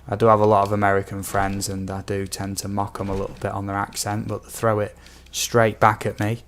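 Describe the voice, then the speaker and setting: A young British man with a fairly low voice talks through a late-night game stream. He rambles in a loose, casual way, reading out viewer messages and padding his speech with ums. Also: completely flat delivery, a little fast, fairly bright tone, a little hiss or hum. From United Kingdom. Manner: rambling, reads out viewer comments with many ums. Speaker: gaming streamer. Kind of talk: casual live-stream chat.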